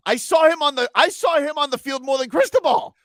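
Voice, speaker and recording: A man's voice: very high voice, fairly quick, no echo, clean studio sound. A man hosting sports talk radio, arguing heatedly and talking over his co-host. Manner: argumentative, talks over his co-host, animated.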